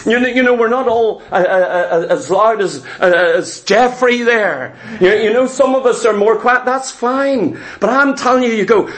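A man with a very high voice delivers a sermon to his congregation. He talks in a lively, conversational way, circling back with repeated phrases and quick asides before he presses each point home. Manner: animated, conversational preaching with repetitions and asides. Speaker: preacher.

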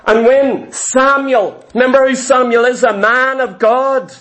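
A man's voice: very high-pitched, steady tone, measured pace, a bit bright. A man preaching a sermon to a congregation, with an emphatic, repetitive cadence.

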